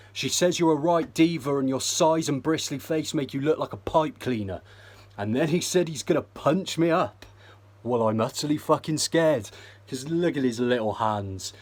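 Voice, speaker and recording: A man's voice: medium pitch, normal speed, a little mellow. A man with a mid-range voice, rapping battle bars a cappella. He sneers through one insult after another. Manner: sneering, insult-heavy delivery. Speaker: battle rapper. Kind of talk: a cappella rap battle verses.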